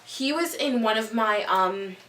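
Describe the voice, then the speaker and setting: Teen girl vlogging, kinda high voice, says like and um a lot, rambly, echoey room, mic far off. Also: lively intonation, measured pace, pushed and bright, a little hiss or hum. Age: late teens. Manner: rambling, full of "like" and "um". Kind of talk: casual storytelling to camera.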